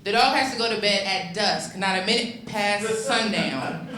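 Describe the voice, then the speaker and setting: A woman's voice: medium pitch, expressive, normal speed, reverberant, crowd noise, rough recording. A young adult woman doing a stand-up comedy set on a club stage, loose and profane, talking casually with lots of ums and restarts.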